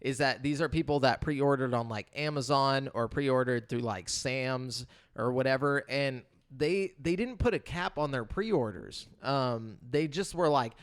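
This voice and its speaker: A man's voice: medium pitch, measured pace, few pauses. A man co-hosting a gaming podcast, talking casually with lots of fillers and laughing at his own jokes. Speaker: podcast co-host. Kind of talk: casual chat.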